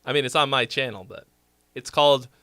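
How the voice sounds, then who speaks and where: Bright animated guy streaming, cusses a lot, rambly jokes, dry sound. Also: mid-range voice, a little fast, clear, resonant tone, dry recording. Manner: swears freely, rambling and jokey. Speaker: streamer and song critic. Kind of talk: casual live-stream chat.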